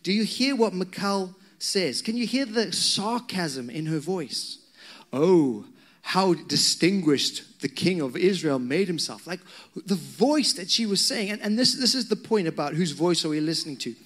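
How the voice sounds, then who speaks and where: A man's voice: high-pitched, normal speed. A man preaching a sermon, telling personal stories with conversational asides to the congregation. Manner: animated storytelling, conversational asides to the crowd. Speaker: pastor.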